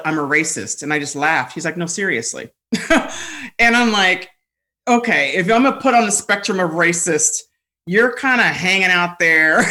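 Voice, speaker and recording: Bright-voiced woman telling stories animatedly. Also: medium pitch. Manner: animated, laughs often, many fillers and restarts. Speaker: guest. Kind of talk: candid conversational storytelling.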